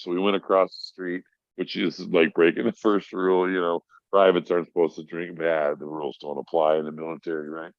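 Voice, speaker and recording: A man's voice: deep voice, flat delivery, a little fast, no echo. A middle-aged man telling a rambling, profane story in casual talk, acting out the voices of the people in it. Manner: profane, rambling, acts out voices in his stories. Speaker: podcast guest. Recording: dry, dull lo-fi audio.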